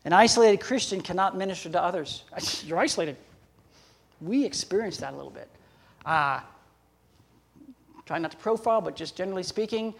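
Older man, pastor, sermon, folksy, high voice, laughs between lines. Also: animated, brisk, creaky, pauses often. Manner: folksy, laughing asides, acts out dialogue.

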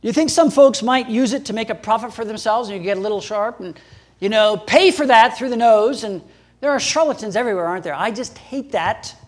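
A man preaching a sermon as pastor, emphatic, with sudden jumps in pitch and loudness and chuckles between points. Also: fairly quick.

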